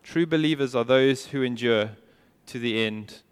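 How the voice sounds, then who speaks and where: A man preaching a sermon as pastor, earnest and emphatic, sometimes dropping to a quiet intensity. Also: medium pitch, normal speed, smooth. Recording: long hall reverb.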